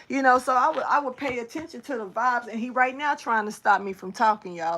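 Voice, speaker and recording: A woman spiritual reader telling a story casually to her camera, animated and slangy, swearing and talking straight to her viewers. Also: on the high side, fairly quick, few pauses.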